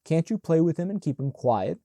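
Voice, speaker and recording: A man's voice: on the high side, very animated, fairly quick, mellow, dry recording, clean studio sound. A man voicing a fretful, prim mother who fusses and complains. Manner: fussy, prim.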